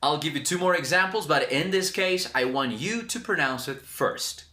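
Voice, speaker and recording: A man's voice: a little high, lively intonation, moderate pace, pushed and bright. A man teaching an English pronunciation lesson, enthusiastic and emphatic, repeating words for learners. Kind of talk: language lesson.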